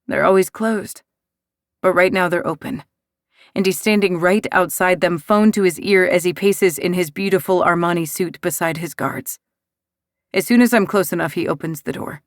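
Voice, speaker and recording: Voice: medium pitch, moderate pace, dry recording, clean studio sound. An audiobook narrator giving emotive first-person romance narration.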